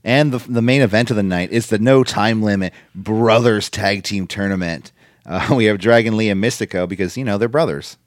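A man's voice: lowish voice, a little fast, no room sound, clean studio sound. A man co-hosting a podcast, casually chatting and recapping wrestling matches, swearing now and then. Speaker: podcast co-host. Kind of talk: casual wrestling review chat.

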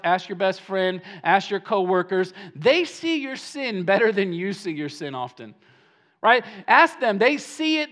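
A man preaching a sermon as pastor, animated and emphatic, often repeating words as he starts a phrase. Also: high-pitched. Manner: animated preaching, swings between hushed and emphatic.

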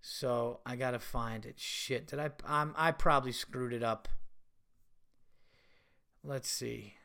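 A man hosting his own podcast, telling profane, animated stories with laughs in a casual, unscripted way. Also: mid-range voice, slow pace, gravelly. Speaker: podcast host and stand-up comedian. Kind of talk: casual solo podcast storytelling.

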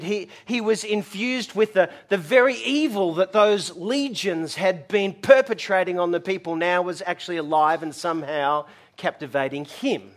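A man preaching a sermon, telling stories animatedly and acting out voices. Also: high-pitched. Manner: animated storytelling, acts out voices and shouts. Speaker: pastor.

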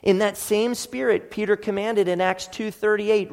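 Male pastor, sermon; earnest, emphatic, higher voice, echoey hall. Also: steady tone, moderate pace, creaky, hardly any pauses.

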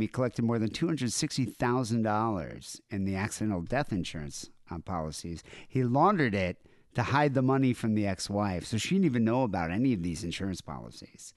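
A man's voice: on the low side, no echo. Joking podcast man on a dry close mic. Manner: joking, irreverent, laughs often. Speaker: podcast co-host. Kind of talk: casual chat retelling news stories.

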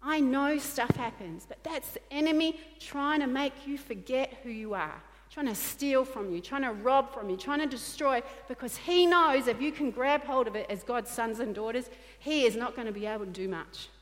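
A woman's voice: high-pitched, normal speed, few pauses, big-room sound. A woman pastor preaching a sermon in an earnest, repetitive way, often acting out quoted dialogue.

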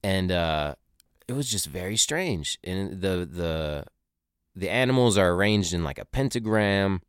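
A young man with a very low, smooth voice rambles through a casual, profane monologue full of conspiratorial asides. The sound is dry and close, with no room around it. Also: animated, measured pace, no room sound. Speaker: podcaster recounting a tour.

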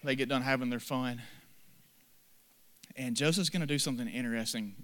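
A man pastor delivering a sermon in earnest, with repeated short phrases, swinging from soft, low passages to loud ones. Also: brisk.

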